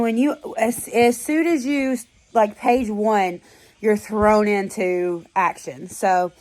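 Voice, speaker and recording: A woman's voice: mid-range voice, darkish tone, no room sound. A young woman, chatting casually through reading updates with lots of fillers. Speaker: book vlogger.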